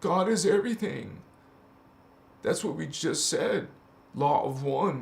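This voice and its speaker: A man's voice: a little high, lively intonation, takes it slowly, gravelly, pauses often. A man preaching in an impassioned, casual spiritual talk, calling his listeners honey and breaking into chanted syllables. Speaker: spiritual channel host. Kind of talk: spiritual livestream sermon.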